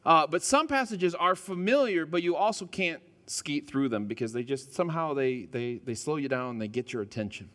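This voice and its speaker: Chatty pastor in a reverberant church. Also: male voice, on the high side, animated, normal speed, hardly any pauses, fairly bright tone. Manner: chatty and self-deprecating, stumbles and restarts. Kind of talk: casual, joking sermon opening. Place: church sanctuary. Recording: long hall reverb in a church.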